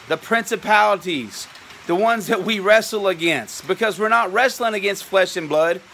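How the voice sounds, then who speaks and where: A man, a shepherd, giving an earnest devotional sermon from a porch outdoors in the rain, at times dropping low and soft for emphasis. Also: creaky, slight background noise.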